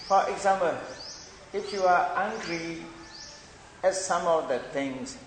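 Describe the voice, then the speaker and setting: Slow-talking man teaching in an echoey hall. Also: high voice. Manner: slow, repetitive explaining, non-native English phrasing. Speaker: meditation teacher. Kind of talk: Buddhist dharma lecture. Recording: echoey hall with long reverb, faint noise.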